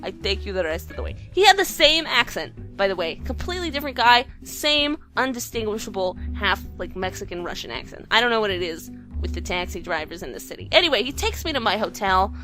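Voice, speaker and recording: Lively, bright-voiced woman vlogger. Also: mid-range voice, a little fast, hardly any pauses, faint music behind. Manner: animated, expressive, swears casually. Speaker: game dev vlogger. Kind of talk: casual storytelling vlog.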